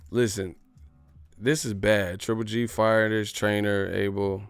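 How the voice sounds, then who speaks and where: A man's voice: lowish voice, level tone, measured pace, clear, resonant tone, no room sound. A brash, slangy man hosting a live boxing commentary stream.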